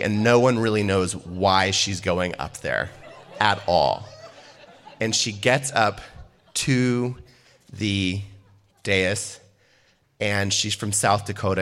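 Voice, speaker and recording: Laughing man telling a funny story. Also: lowish voice. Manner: animated, often laughing as he tells it. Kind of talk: telling a personal anecdote.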